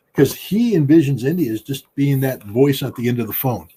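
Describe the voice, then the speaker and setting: A man with a husky, slightly breathy voice gives political commentary. He talks emphatically and combatively. His voice jumps up in pitch and loudness to hammer home his points. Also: lively intonation, quick pace. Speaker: political commentator, former weapons inspector.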